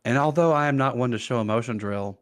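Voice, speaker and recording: A man voicing a scheming male villain cleric who keeps secrets, talking softly and savoring his threats in a tabletop game. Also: mid-range voice, quick pace, close to an everyday voice. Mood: menacing. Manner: soft, menacing, savoring.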